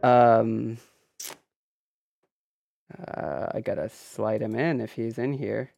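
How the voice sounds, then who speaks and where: A man's voice: fairly low pitch, slow pace, creaky, a little mellow, no room sound, lo-fi sound. A man co-hosting a live podcast stream, talking casually and rambling, with many restarts and fillers. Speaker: podcast co-host streaming on Twitch.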